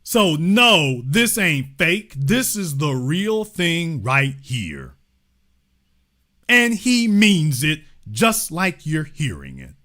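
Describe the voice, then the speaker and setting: Lively emphatic man. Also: fairly high pitch, very slow. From Louisiana. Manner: emphatic, repetitive, swings between loud and hushed. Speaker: host. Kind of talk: impassioned political commentary.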